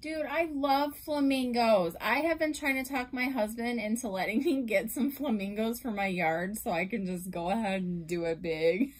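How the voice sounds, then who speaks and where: A young adult woman gushing in a casual unboxing vlog, emotional and effusive, at times dropping to a soft whisper. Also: on the high side, normal speed, low-quality recording. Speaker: reborn doll collector vlogger.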